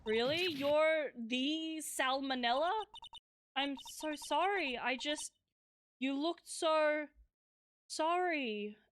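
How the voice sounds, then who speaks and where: A woman's voice: sits high, slow pace, fairly bright tone, no room sound. A young woman streaming a game live, reading its dialogue aloud in a flustered, giggly way.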